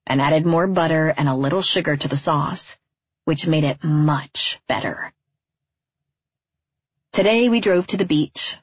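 A woman reading a literary story aloud as narrator, in a quiet, measured, wistful way, on a dull, dry recording. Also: deep voice, breathy edge, no echo.

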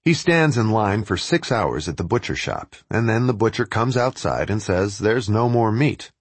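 Sardonic guy reading his own travel story, husky, lively ups and downs, dry sound. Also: fairly low pitch, normal speed, no echo. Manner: wry, sardonic. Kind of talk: first-person narration read aloud.

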